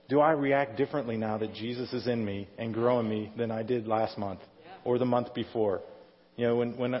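A middle-aged male pastor preaching a conversational sermon, often asking the congregation questions. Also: medium pitch. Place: church sanctuary. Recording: dull sound in a reverberant hall.

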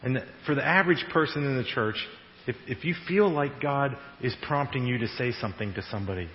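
A male pastor giving a conversational, animated sermon in a church and laughing now and then at his own jokes. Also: medium pitch, a little fast, a little hiss or hum. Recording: echoey hall, dull radio-like sound.

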